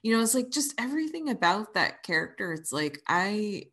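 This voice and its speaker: A woman co-hosting a casual podcast chat, and her pitch moves a lot as she talks. She is animated and laughs often. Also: normal speed. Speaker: podcast co-host.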